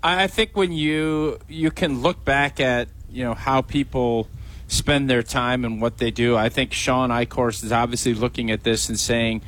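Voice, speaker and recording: A man's voice: medium pitch, steady tone, unhurried, fairly bright tone. A man as a guest on a sports talk show, answering thoughtfully with hesitant restarts. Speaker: guest commentator.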